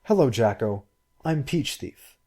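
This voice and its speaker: A man reading a story aloud and voicing a brisk, forthright young woman who speaks quickly and emphatically. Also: medium pitch, lively intonation, dark tone, breathy edge. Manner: quick, emphatic and sometimes scornful.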